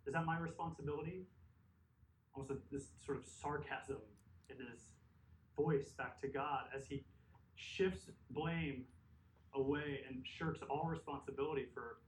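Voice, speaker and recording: A man's voice: mid-range voice, steady tone, measured pace, slight background noise. A man preaching a sermon, earnest and emphatic, with conversational asides. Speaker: pastor. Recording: echoey hall mic from a distance.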